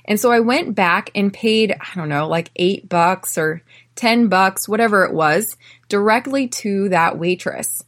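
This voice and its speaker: An American woman hosting an English-learning podcast, telling personal stories and drilling phrases slowly for listeners to repeat. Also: medium pitch. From United States. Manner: clear, slow drilling in repeat-after-me phrases; chatty, often tags lines with "right?". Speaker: podcast host and English teacher. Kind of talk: podcast lesson.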